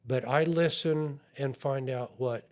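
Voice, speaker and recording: Guesting on a podcast, an IT consultant talks earnestly and with self-deprecation, voicing the people he quotes. His medium-pitched voice is slightly mellow and slow-paced.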